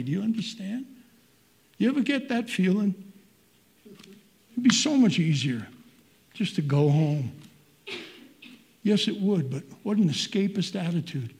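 A man's voice: high voice, a little mellow, breathy edge. An older man preaching a sermon in an earnest, conversational way with folksy asides.

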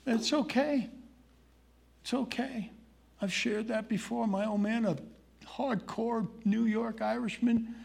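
A man delivers a folksy, conversational sermon, breaking off from scripture to ask his congregation questions. His voice sits high for a man and has a husky, slightly rough edge. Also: a little mellow. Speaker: pastor.

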